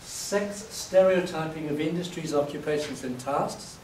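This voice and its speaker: A man from England giving a university lecture, telling lively stories and acting out his examples, his voice a little hoarse. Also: a little high, unhurried. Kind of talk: classroom lecture. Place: lecture hall. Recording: echoey hall, distant mic, faint noise.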